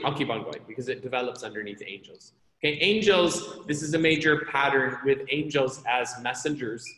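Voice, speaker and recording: A male lecturer teaches a classroom of students in a relaxed, conversational way. He restates his key points to make them stick. His voice sits at a middle pitch and carries a long, roomy echo from the hall. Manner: conversational, repeats points for emphasis. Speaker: Bible college lecturer. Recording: echoey lecture hall reverb.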